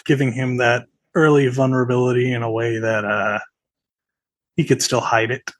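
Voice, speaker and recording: A man's voice: mid-range voice, flat delivery, normal speed, a bit bright, dry recording. Easygoing male voice actor, chuckling. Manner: easygoing, chuckles while talking. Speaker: voice actor guest. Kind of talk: casual chat.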